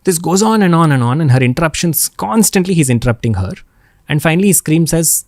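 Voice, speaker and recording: A man's voice: fairly high pitch, no echo. Earnest man, dry close mic. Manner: earnest and expressive, pausing and repeating for emphasis. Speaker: podcast guest. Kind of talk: spiritual storytelling.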